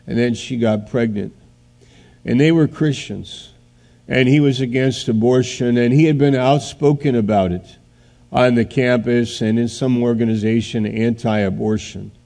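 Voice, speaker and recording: A man preaching a sermon, telling a story in a halting way and then building to loud, emphatic outbursts. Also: fairly low pitch.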